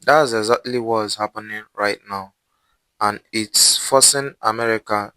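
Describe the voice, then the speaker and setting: A man narrating a scripted channel intro as host, with measured, announcer-like delivery. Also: on the low side, sharp tone, no room sound, poor audio.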